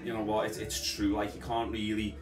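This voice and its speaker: Man, gym coach, casual podcast chat, low voice, echoey room, music behind. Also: a little fast, recorded from a distance. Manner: relaxed storytelling with many "like" fillers.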